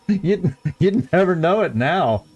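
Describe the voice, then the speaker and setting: Slow-talking man playing a game. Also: high voice, big pitch swings, breathy edge, lo-fi sound. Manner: chatty, rambling, chuckles often. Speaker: let's play host. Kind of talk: casual gameplay commentary.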